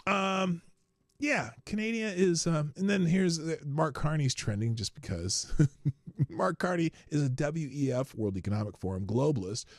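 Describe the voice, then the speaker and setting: A man's voice: a little high, gravelly, dry recording, studio quality. Sarcastic Minnesotan man hosting a livestream. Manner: sarcastic, laughs at own jokes. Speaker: livestream host. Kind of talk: reading news with joking asides.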